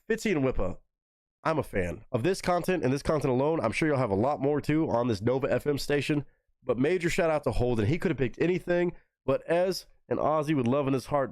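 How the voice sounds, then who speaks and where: A man from Texas hosting a live music reaction, talking excitably and swearing freely. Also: no room sound. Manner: excitable, swears freely, big swings in pitch.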